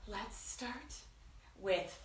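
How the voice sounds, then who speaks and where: A woman's voice: medium pitch, extremely slow, roomy sound, far from the mic. A woman hosting a children's story time, talking to kids in a sing-song, enthusiastic teacher way. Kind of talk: children's read-aloud lesson.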